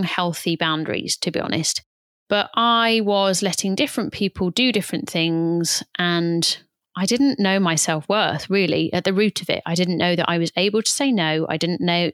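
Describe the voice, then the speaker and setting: A woman's voice: fairly low pitch, fairly bright tone, no room sound, clean studio sound. A British woman in her thirties hosting a podcast, talking in a candid, casual way and occasionally swearing. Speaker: podcast host and birth recovery coach.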